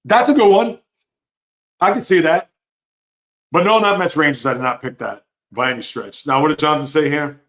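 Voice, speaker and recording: A man hosting a live sports talk stream, reading chat comments and giving opinionated, animated reactions. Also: fairly high pitch, moderate pace, long pauses. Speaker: sports show host.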